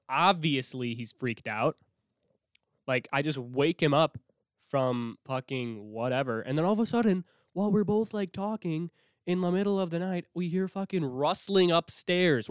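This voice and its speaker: A young man from Minnesota telling a spooky childhood story in a casual, animated way, swearing often and dropping to a whisper when he quotes himself. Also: fairly high pitch, dry recording, studio quality. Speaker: host.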